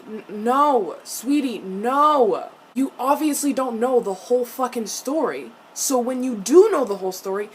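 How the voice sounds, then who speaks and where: A young woman reacting to a TV episode in a casual vlog, animated and profane, with frequent laughs. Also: a little high, slight background noise. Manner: laughs often between lines.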